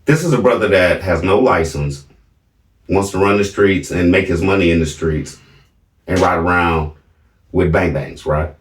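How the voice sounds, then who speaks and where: His voice is low and he's far from the mic, giving a roomy sound. The middle-aged man casually shares a family story with viewers, emphatic and repeatedly checking in with "right?".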